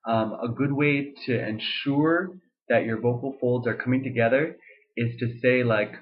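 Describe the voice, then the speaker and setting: A man's voice: medium pitch, a little slow. Young man explaining singing, tinny audio. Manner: explains with sung demonstrations, many fillers and restarts. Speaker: voice teacher. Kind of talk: casual vocal lesson vlog.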